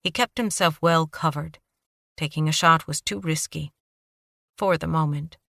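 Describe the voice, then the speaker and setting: A woman's voice: sits low, measured pace, vocal fry, bright, forceful tone, no echo. A woman narrating a first-person thriller audiobook in a tense, dramatic style with clipped phrasing, close to the mic.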